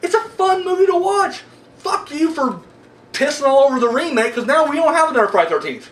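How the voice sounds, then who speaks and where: Man, very high voice, lively swings in pitch, profane excitable film review, echoey room. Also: brisk, far from the mic. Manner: excitable, profane, laughs while talking. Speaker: horror movie reviewer. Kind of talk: casual rambling film review. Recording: roomy sound, away from the mic.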